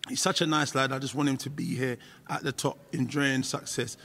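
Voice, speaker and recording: A man's voice: medium pitch, fairly even intonation, brisk, vocal fry, fairly bright tone. A man talking as a guest in a casual interview, often starting with "listen" and restarting his sentences. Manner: repeats "listen", restarts often, laughs easily.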